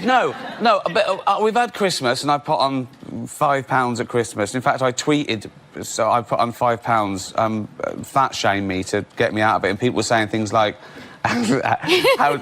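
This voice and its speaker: A man's voice: medium pitch, normal speed, a bit bright. An English man doing stand-up comedy, sardonic and profane, laughing at his own jokes.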